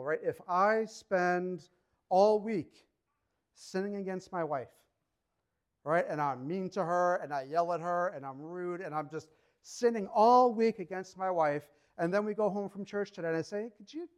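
A man's voice: high voice, moderate pace. A man preaching a sermon in a conversational, emphatic way, acting out short quotes as he goes. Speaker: pastor.

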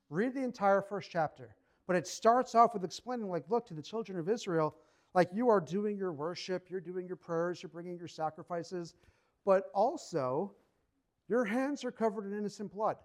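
A man preaching a sermon in a conversational, emphatic way, acting out short quotes as he goes. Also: high-pitched. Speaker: pastor.

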